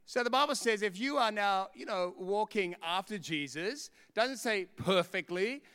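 A man with a high, bright and crisp voice preaches to his church. He mixes in jokes and funny stories and laughs often. The tone stays clear and lively the whole way through. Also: long reverb tail. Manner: humorous storytelling, laughing often. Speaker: pastor. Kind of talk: sermon.

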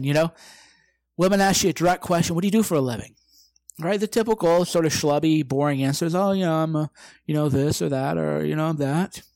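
A man's voice: a little high, no room sound, rough recording. A middle-aged man hosting a podcast from his living room, talking in a brash, combative, profane way. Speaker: podcast host. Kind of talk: casual monologue.

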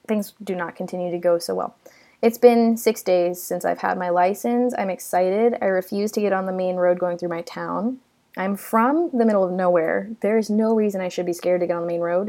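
A young woman from the United States chatting casually through a personal story, self-deprecating and full of dramatic asides. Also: mid-range voice.

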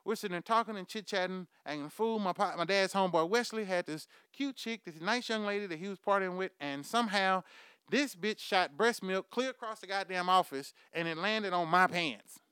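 A man's voice: high-pitched, a little fast, bright, forceful tone, smooth, no echo, studio quality. A man hosting his own podcast, delivering a profane comic monologue and laughing at his own jokes. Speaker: podcast host.

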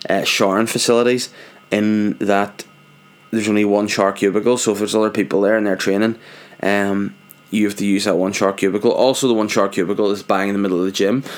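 Man, casual monologue, rambling, sweary, self-mocking, lowish pitch. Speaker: vlogger, father.

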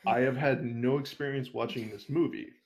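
A man's voice: mid-range voice, steady tone, moderate pace. A young man telling a long story as an interview guest, casual and full of swearing, laughing as he goes. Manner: profane, rambling, laughs while telling.

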